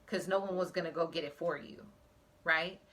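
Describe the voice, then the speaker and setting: Woman psychic reading for viewers, low pitch with a forceful, tense edge, earnest and direct. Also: steady tone, normal speed. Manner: earnest, emotional, speaks straight to viewers. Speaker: psychic tarot reader.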